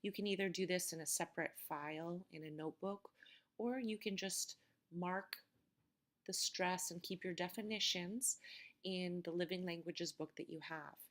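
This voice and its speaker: Female instructor, lower register, clear deliberate pronunciation drills for a lecture. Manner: slow, careful pronunciation drills. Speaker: teacher. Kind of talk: recorded vocabulary lecture.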